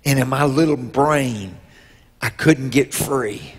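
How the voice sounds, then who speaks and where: Slow husky preacher man. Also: mid-range voice. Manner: slow storytelling with drawn-out pauses; rises to loud emotional peaks. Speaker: bishop. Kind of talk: sermon with a personal story. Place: church sanctuary. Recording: long reverb in a church hall.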